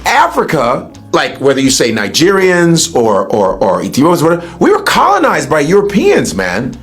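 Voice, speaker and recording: A man's voice: on the high side, wildly swooping pitch, moderate pace, fairly bright tone, soft background music. A man from the United States talking bluntly and profanely in a casual podcast chat.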